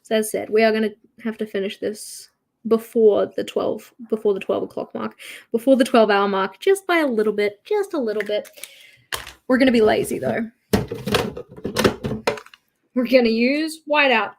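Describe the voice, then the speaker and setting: A woman's voice: on the high side, normal speed, gravelly, long pauses. A young woman hosting a journaling livestream, chatting casually and poking fun at herself as she works. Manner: chatty, self-mocking, talks to herself while working. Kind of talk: casual chat while crafting.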